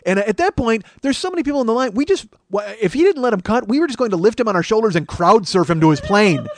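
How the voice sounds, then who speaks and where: A man's voice: high-pitched, lively intonation, fast talker, no echo. A man in his forties hosting a comedy podcast, telling a profane story and acting out the people in it. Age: 40s. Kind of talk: comic storytelling monologue.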